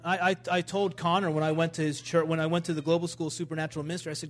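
A man's voice: a little high, fairly even intonation, quick pace, few pauses. Fervent man preaching a sermon. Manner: fervent, emphatic preaching that swells in intensity. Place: church service.

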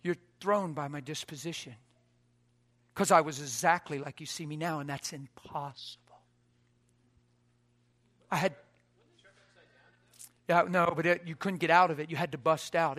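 A man preaching a sermon through a personal story, dropping to hushed quoted lines and rising to loud, near-shouted exhortation. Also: on the high side.

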